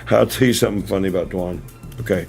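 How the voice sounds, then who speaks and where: Talking fast in a low, creaky, darkish voice, this man hosts a casual livestream. He rambles through a story, correcting himself and chuckling often, before turning earnest and speaking straight to viewers. Soft background music plays, captured on a camera mic.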